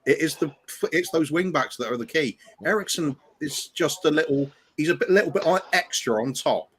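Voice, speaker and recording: Bright-voiced man chatting, halting. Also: fairly high pitch, animated, slight background noise. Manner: halting, many ums and restarts. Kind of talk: casual chat.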